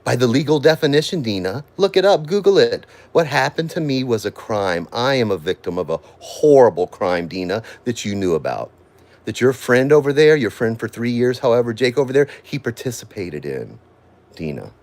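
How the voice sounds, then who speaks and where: A man with a drawl rants into his phone from home, his voice sore and worn from an hour of screaming. He is confrontational and accusing, hammering the same name again and again. His pitch sits at an ordinary middle height. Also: big pitch swings, moderate pace, a little mellow. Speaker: livestream host. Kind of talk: angry livestream rant. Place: at home, indoors.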